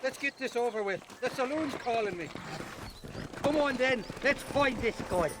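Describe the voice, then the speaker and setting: A man's voice: very high voice, lively intonation, moderate pace, background noise. An actor with an Irish accent playing a boastful, shifty male drunk horse thief in a game cutscene. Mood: wheedling. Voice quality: sly, rambling, wheedling. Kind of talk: video game cutscene acting. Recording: game audio with loud outdoor ambience.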